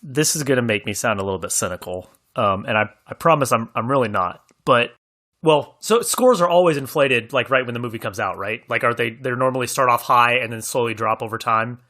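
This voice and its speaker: A man with a bright, tense voice talking movies as a podcast co-host. He hedges his opinions earnestly and laughs often as he goes. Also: mid-range voice, lively intonation, a little fast. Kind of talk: casual film discussion.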